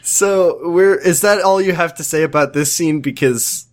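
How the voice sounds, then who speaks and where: A man's voice: a little high, moderate pace. A man co-hosting a podcast, recapping a show in casual chat with sarcastic jokes and frequent laughs. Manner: joking, sarcastic, laughs often. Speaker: podcast co-host.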